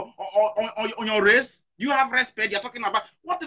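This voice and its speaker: A middle-aged Nigerian man hosts a heated talk show, his voice pitched high with a bright edge. He hammers his points home, repeats his questions and drops into Pidgin. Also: fast talker. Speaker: host. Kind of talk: impassioned talk show discussion.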